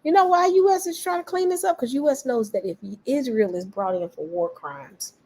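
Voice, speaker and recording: A woman giving casual political commentary, animated and talking straight to her viewers. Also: high-pitched, normal speed, low-quality recording. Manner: animated, talks back to viewers, quotes others in voices.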